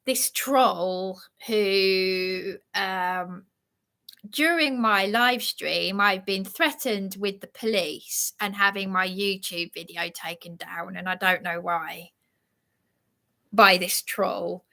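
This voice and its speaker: Slow, bright-voiced flustered woman. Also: mid-range voice, gravelly. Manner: flustered, agitated, apologetic. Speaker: live streamer. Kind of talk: rambling live-stream chat.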